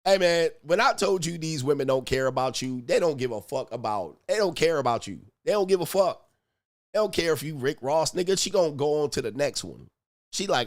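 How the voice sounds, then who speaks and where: A man hosting a casual reaction commentary, animated and profane, with laughing asides. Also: a little high, brisk, no room sound, clean studio sound. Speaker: commentary channel host.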